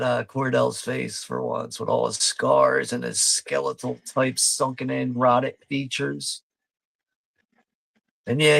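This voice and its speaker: Gravelly laid-back man riffing live. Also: fairly high pitch, fairly bright tone, dry recording. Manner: laid-back, swears freely, laughs often. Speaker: watch party host. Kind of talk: casual live commentary.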